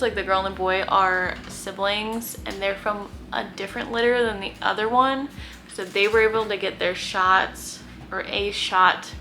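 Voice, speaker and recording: Young woman vlogging at home on her phone, slow easy chat, lots of "like", steady noise in the background. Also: mid-range voice. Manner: chatty, lots of "like", coos in baby talk. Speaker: vlogger fostering kittens. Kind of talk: casual chat to camera. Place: home guest room.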